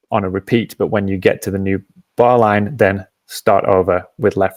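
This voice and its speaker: A man hosting a live app demo, patiently explaining each step and often pausing with "um". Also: on the low side, fairly even intonation, a little mellow, no room sound. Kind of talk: software demo and Q&A.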